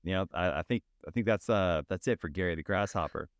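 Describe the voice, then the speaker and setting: Podcast co-host, man, 30s, easygoing and chatty, lowish voice, dry studio sound. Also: quick pace, no echo. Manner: laid-back, laughs often, says dude and man. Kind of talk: casual chat.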